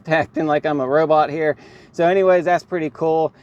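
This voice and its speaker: A man's voice: a little high, steady tone, brisk, a little mellow, muffled recording. A man talking casually in a how-to vlog from inside his car, rambling with lots of "um" and "right here" as he points things out. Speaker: car vlogger.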